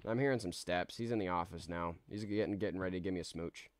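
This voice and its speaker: A man's voice: low voice, fast, slight background noise. A man streaming a game live, rambling in a laid-back way with many restarts as he reads out chat. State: tired.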